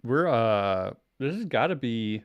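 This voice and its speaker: A man's voice: mid-range voice, animated, takes it slowly, clear, resonant tone, no room sound. A man in his thirties hosting a podcast from home, talking in a loose, rambling way, restarting his sentences and swearing casually. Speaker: podcast host. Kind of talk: casual chat. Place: home room.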